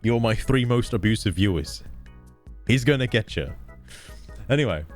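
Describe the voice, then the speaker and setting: Animated, swearing male streamer with a strained throat. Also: on the low side, moderate pace, faint music behind. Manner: profane, animated, self-mocking. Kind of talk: casual livestream chat.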